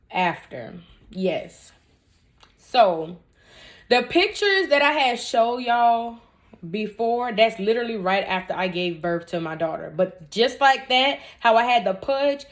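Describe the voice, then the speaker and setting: A young woman in her twenties talks straight to her viewers in a casual storytime Q&A, candid and blunt. She leans hard on her points and drops joking asides between viewer questions. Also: mid-range voice. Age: 20s. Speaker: vlogger answering viewer questions.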